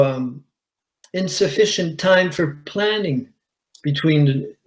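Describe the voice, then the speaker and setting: A man, a commercial diver, telling his own story at a conference in a measured way, with pauses. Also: a little high, low-quality recording. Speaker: commercial diver giving a talk. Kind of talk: conference presentation, personal account. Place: conference hall.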